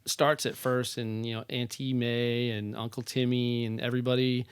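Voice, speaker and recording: Smooth, clear-voiced man telling stories. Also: medium pitch, normal speed, dry recording, clean studio sound. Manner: animated storyteller who acts out quoted voices. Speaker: real estate company founder, guest. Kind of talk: casual interview chat. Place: podcast studio.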